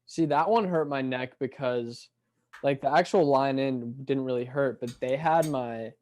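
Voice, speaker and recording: A man's voice: mid-range voice, unhurried, a little mellow. A man in casual chat, recounting his hospital stay in a rambling, hesitant way.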